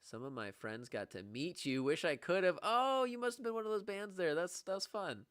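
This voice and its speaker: A young man who teaches music, chatting casually on a livestream and answering viewers, excitable and quick to laugh. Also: sits high, clean tone, no room sound, clean studio sound. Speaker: music teacher streaming live.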